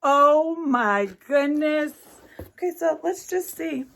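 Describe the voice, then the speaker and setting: A high-pitched woman talks at an unhurried pace, gasping and gushing over each find. She often breaks off mid-sentence and starts again. It sounds like a casual, excited unboxing chat with viewers. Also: vocal fry. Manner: gushing, gasping, breathless delight; halting restarts, trailing off. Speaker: crafting vlogger.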